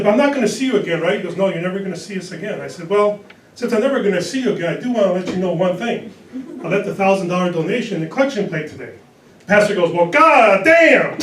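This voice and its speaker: A man in his early sixties performing a stand-up comedy set on a club stage, delivering dry one-liners in a deadpan way. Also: high voice, background noise. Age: 60s. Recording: echoey club recorded from a distance. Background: audience laughter.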